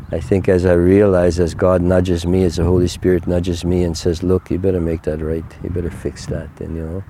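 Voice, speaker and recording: Earnest and heartfelt, an older man takes his time telling his own faith testimony as an interview guest. He has a low, mellow voice, with a little hiss or hum in the audio.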